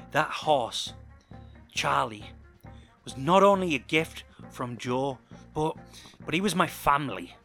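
A man narrating a first-person story with dramatic storytelling delivery. His voice is bright and forceful at a middle pitch, with faint music behind.

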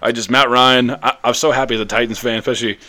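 A man co-hosting a casual sports podcast, animated and jokey, wandering off on tangents. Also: mid-range voice, fast, no room sound. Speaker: podcast co-host.

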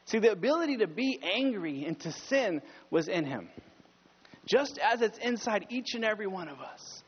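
A man preaching a conversational sermon as pastor, climbing higher and louder when he presses a point. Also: expressive, moderate pace, breathy edge. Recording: dull sound with long hall reverb.

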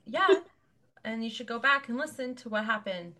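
A woman co-hosting a podcast with a bright, forward tone. She keeps the chat loose and casual, firing off crude jokes and teasing her co-host. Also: a little high, animated, normal speed.

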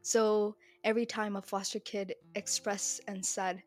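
A woman's voice: mid-range voice, flat delivery, a little slow, few pauses, faint music behind. A young woman hosting a solo podcast, talking bluntly and heatedly and swearing freely. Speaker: podcast host.

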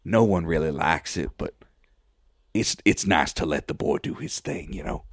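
A man voicing an indulgent male innkeeper who speaks low and confidingly. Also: expressive, moderate pace, creaky, dry recording, clean studio sound, full character voice.

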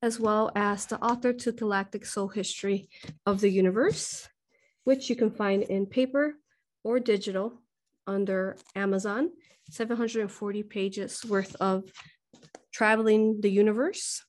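A woman's voice: medium pitch, steady tone, measured pace. A woman hosting a live spiritual question-and-answer talk, emotional and often laughing, a little short of breath. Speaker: host and hypnosis teacher.

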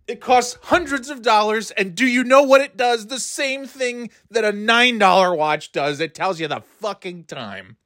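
A man's voice: sits high, normal speed, hardly any pauses, a bit bright, no echo, studio quality. A middle-aged man ranting casually, swearing often, sarcastic and grumbling, often stumbling and restarting his words. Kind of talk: rambling casual rant.

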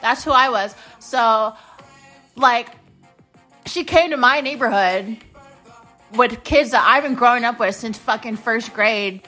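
A woman's voice: fairly high pitch, measured pace, pauses often, bright, forceful tone, soft background music, low-quality recording. A woman in her late twenties hosting a podcast, telling a personal story in a blunt, profane, heated rant. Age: late 20s. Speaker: podcast host.

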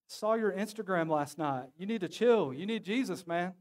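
Lively pastor preaching to his church. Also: sits high, moderate pace. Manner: lively, joking, calls on the congregation to respond. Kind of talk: sermon. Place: church sanctuary.

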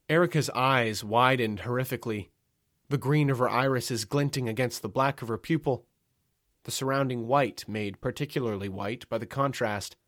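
A man narrating a comic first-person story in a wry, dry, deadpan manner. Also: medium pitch, moderate pace, dry recording.

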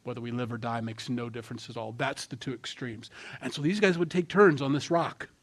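A man preaching a sermon in a conversational tone, swinging between loud emphasis and quiet asides. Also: medium pitch, fairly quick. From Norwegian heritage. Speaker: pastor.

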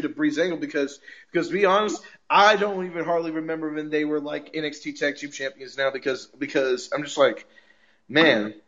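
A man's voice: a little high, fairly bright tone, highs cut off. A man hosting a podcast, recapping wrestling in casual, profane chat, often repeating words and laughing. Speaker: podcast host.

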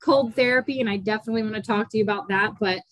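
A woman host speaking gently and supportively to her guest. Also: medium pitch, racing, dry recording, rough recording. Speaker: podcast host. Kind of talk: supportive interview conversation.

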